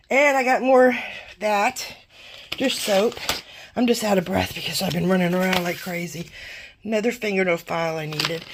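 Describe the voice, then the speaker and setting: A woman's voice: mid-range voice, a little hiss or hum. An older woman vlogger chatting casually and rambling as she shows her grocery haul, a bit self-deprecating.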